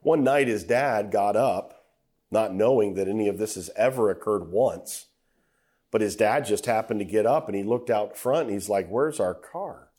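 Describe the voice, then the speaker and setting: A middle-aged man preaches a sermon at a moderate pace, telling a story with acted-out quotes. He builds to loud, emphatic high passages.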